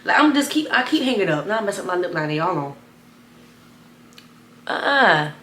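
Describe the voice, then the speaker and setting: A young woman telling a wild personal story to camera, animated and chatty, talking straight to her viewers. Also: normal speed, echoey room. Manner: animated, addresses viewers as y'all, bursts of high excited retelling. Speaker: storytime vlogger.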